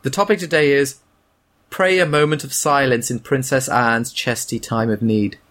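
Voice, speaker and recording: A man hosting a podcast, talking in a dry, sardonic way with unhurried hesitations. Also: medium pitch, steady tone, a bit bright. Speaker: podcast host. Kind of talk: casual chat.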